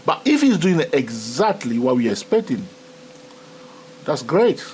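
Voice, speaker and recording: A man with a non-native English accent talks through a live trading session in a chatty teaching voice. His pitch rises and falls a lot, and he keeps checking in with the listener. A faint hiss of background noise sits under the voice. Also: a little slow. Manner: animated, repetitive "okay?" and "my friend". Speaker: trading educator. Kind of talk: live screen-recorded trading tutorial.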